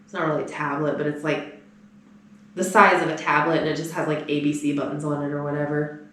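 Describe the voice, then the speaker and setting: Animated woman telling stories in a roomy space. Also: fast. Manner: animated storyteller, mimics people in higher voices. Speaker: podcast co-host. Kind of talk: casual chat.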